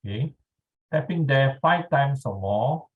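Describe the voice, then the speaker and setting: A man leading a guided tapping exercise over a video call, speaking calmly and checking in often with his listeners. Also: medium pitch, narrow, tinny audio. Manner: slow, calm instructional pacing with frequent "all right". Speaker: EFT tapping instructor.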